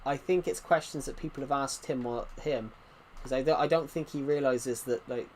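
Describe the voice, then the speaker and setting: A man's voice: mid-range voice, moderate pace, darkish tone, slight background noise. A man giving casual, rambling commentary while playing a video game, chatting and drifting onto side topics. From Britain. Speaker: gaming channel host.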